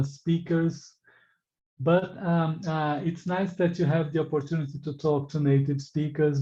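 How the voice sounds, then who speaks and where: A man's voice: a little high, dark tone, muffled recording. A man teaching an English exam class, articulating his sounds with care and asking the students questions. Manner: slow, deliberately articulated teaching delivery; engaging, asks the class questions and reacts to answers. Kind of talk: live online class.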